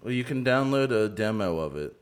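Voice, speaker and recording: A man's voice: fairly low pitch, animated, a little fast. A man co-hosting a podcast in casual chat, teasing and filling with "like". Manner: teasing, lots of filler "like". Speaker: podcast co-host.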